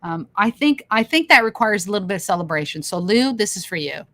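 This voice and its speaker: Speaking fast with a pushed, bright, expressive delivery at medium pitch, a Canadian woman runs a casual livestream. She reads out viewer comments with enthusiasm, laughs a lot, and repeats phrases.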